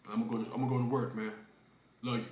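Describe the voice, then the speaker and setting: A man voicing his own father as a gruff, soft-spoken dad who murmurs an apology in a low, hushed voice. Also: level tone, racing, roomy sound, very noisy, natural voice. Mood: tender, apologetic.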